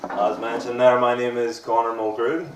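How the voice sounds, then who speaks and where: A man's voice: mid-range voice, little pitch movement, normal speed, a crowd in the background. Young Northern Irish male comic, crude self-mocking patter; distant roomy live recording, audience laughs behind. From Northern Ireland. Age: 20s. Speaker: stand-up comedian. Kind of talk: stand-up comedy set. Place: comedy venue with a live audience.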